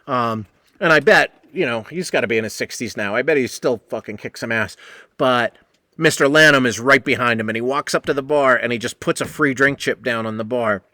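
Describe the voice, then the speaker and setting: A man's voice: medium pitch, brisk, bright, forceful tone, dry recording. A man hosting a podcast who tells a rambling, profane story from behind the bar and acts out the people in it. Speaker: podcast host and bartender. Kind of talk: casual storytelling monologue.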